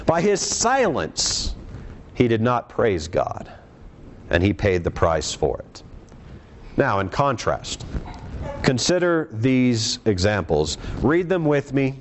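Lively man preaching a sermon. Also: a little hiss or hum. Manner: lively, rises and drops in pitch for emphasis. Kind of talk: sermon with scripture reading.

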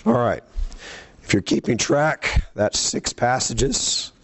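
A man's voice: mid-range voice, big pitch swings, slow pace, gravelly, slightly rough. A man preaching a sermon, teaching from scripture in a conversational way and quizzing his listeners with questions.

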